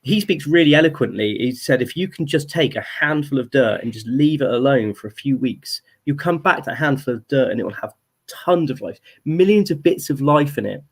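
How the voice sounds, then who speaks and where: Relaxed, chatty male interview guest. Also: medium pitch, fairly quick, slightly rough. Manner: relaxed, chatty, laughs easily, says mate. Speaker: interview guest, founder of a conservation comic project. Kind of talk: casual interview chat.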